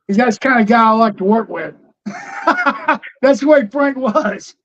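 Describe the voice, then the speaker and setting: A man's voice: very high voice, animated, a little slow, fairly bright tone, highs cut off. An older man, a former wrestler, telling rambling anecdotes as a guest in a casual interview, laughing often.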